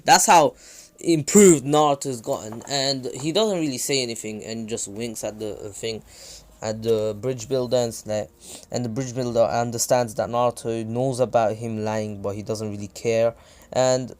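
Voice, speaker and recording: A man's voice: mid-range voice, fairly even intonation, normal speed, a little mellow. Guy rambling through a fan story, lots of uh and like, casual. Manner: rambling, many fillers and restarts.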